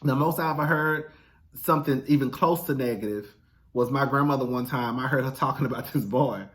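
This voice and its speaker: A man's voice: mid-range voice, a little fast, a bit bright. A man talking in a casual monologue, blunt, profane and emphatic, who keeps addressing his listener as "girl". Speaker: vlogger.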